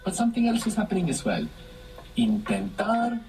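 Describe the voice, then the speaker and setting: A man's voice: medium pitch, big pitch swings, normal speed, over music, low-quality recording. A man teaching a language lesson, patiently explaining step by step and prompting his student with questions.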